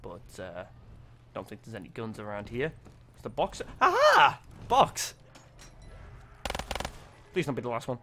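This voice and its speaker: A young man, giving excitable, sweary gameplay commentary, yelping when startled. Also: fairly low pitch, a little fast, a little hiss or hum. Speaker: gaming video creator.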